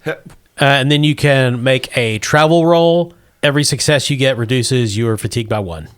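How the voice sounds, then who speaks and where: A man's voice: mid-range voice, moderate pace, smooth, dry recording, clean studio sound. A man running a tabletop game as game master, loose and jokey.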